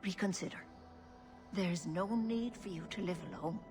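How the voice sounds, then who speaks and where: A woman's voice: fairly low pitch, moderate pace, darkish tone, soft background music, lightly acted. A woman voicing a grave elder elf keeper. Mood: pleading. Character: elder female elf clan leader, grave and protective. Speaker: clan keeper in a video game.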